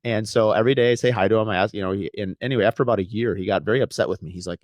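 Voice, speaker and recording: Man, lowish voice, rapid talk, animated anecdotes, dry close sound. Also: no echo. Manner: fast, animated anecdotes with laughs. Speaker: custom home builder, podcast guest. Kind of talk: casual storytelling chat.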